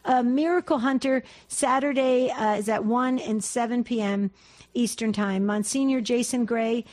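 Radio host: woman with a higher voice, gushing, stumbles and repeats herself. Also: steady tone, moderate pace, darkish tone. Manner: effusive, repetitive, stumbling restarts. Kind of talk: call-in radio talk.

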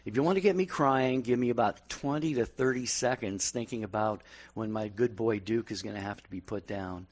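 A man's voice: on the low side, a little fast, hardly any pauses. Earnest male talk radio co-host.

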